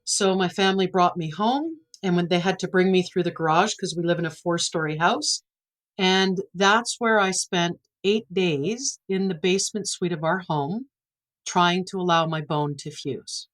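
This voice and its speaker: A woman's voice: on the low side, normal speed, low-quality recording. Earnest woman telling a personal story. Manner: earnest, emotional retelling with quoted dialogue. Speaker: podcast guest.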